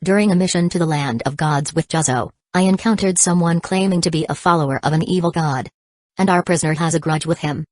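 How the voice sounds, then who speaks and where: A woman reading the lines of a calm, calculating young ninja man in a measured, persuasive way. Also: sits low, no echo.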